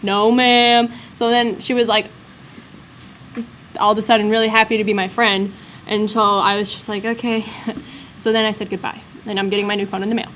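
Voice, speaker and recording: A woman's voice: medium pitch, level tone, a little fast, pauses often, fairly bright tone, a little hiss or hum. A young woman telling a rambling story in casual chat, full of fillers, as a vlog co-host.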